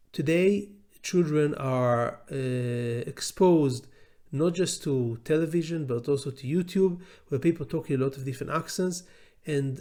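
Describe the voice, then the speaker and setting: A middle-aged man with an Israeli accent gives an unscripted lecture as a law professor. His voice sits a little high, and he pauses often, filling gaps with fillers and restarting his sentences. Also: darkish tone. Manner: hesitant, many fillers and restarts.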